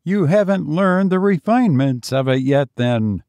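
A man's voice: sits high, very animated, extremely slow, vocal fry, darkish tone, dry recording, voice pushed up, heavily acted. A man playing a jittery, resentful visitor with a raised, strained voice that carries a snarl beneath it. His lines jump upward with a nervous edge and slight grit. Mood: tense. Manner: nervous laughter with a snarl underneath.

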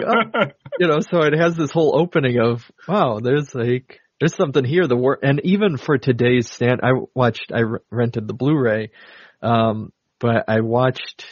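A man's voice: medium pitch, breathy edge, no echo. A man in casual podcast chat, walking through film scenes with plenty of fillers and restarts. His voice sits in a middle register. The recording is dry and a little muffled. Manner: rambling, retells film scenes with many fillers. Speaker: podcast co-host. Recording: dull lo-fi dry sound.

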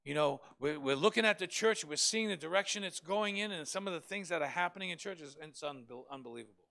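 A man's voice: on the high side, expressive, fast, creaky, sharp tone. A male pastor preaching a Bible study in a fervent, emphatic way, repeating phrases for stress.

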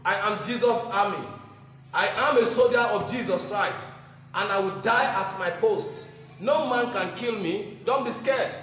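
A man's voice: sits high, measured pace, fairly bright tone. A man with a Nigerian accent gives a combative, mocking political address and repeats phrases for emphasis. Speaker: political speaker. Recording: echoey room, dull lo-fi sound, faint noise.

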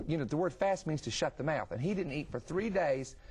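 A middle-aged man hosting a Christian television talk show, telling stories with energy and asking quick follow-up questions. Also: on the high side, expressive, a little mellow. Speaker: TV ministry host. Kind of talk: conversational religious TV talk.

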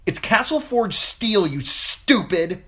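Brief: defiant small girl played by a man, high and snappish. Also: normal speed, husky. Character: small fierce girl disguised as a boy.

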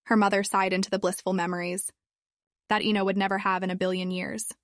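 A woman reads a fan fiction story aloud in an expressive way. Her voice sits at a middling pitch. The sound is close and dry, with no room around it. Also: fast, no room sound. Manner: expressive reading.

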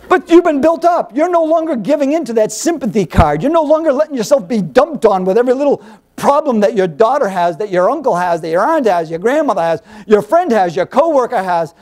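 A man preaching a sermon as Bible teacher, animated and emphatic, piling up rhetorical questions and repeated phrases. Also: very high voice, a little fast.

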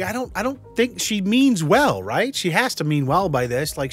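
A man hosting a sarcastic commentary video, swearing casually and scoffing at what he covers. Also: mid-range voice. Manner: sardonic, swears casually, laughs in disbelief. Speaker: YouTube commentary host. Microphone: studio microphone.

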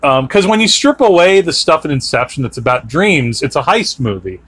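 A man's voice: on the high side, sing-song, fairly quick, fairly bright tone, breathy edge. A man hosting a podcast, chatting casually and rambling with many fillers and restarts. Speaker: podcast host. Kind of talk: casual chat.

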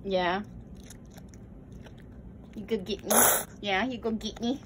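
A woman's voice: mid-range voice, slow, heavy background noise. A woman talking to her pet genet in teasing, coaxing baby talk. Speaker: exotic pet owner.

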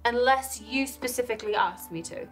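A woman's voice: fairly high pitch, moderate pace, faint music behind, lightly acted. An actress playing a young woman who sets people up on dates and sounds defensive and insistent. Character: pushy matchmaking young woman. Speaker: character in a comedy series.

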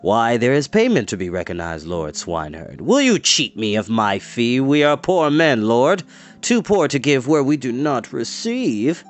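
Guy doing sly greedy warlord in a storybook reading, drawn-out mock-polite taunts. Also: mid-range voice, big pitch swings. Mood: false pleading. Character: scheming male warband leader, mocking and greedy.

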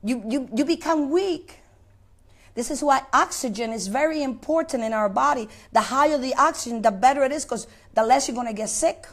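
Woman preacher, very high voice, sermon delivery, questions to the congregation, halting repeats. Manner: asks the congregation questions, repeats words while searching. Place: place of worship.

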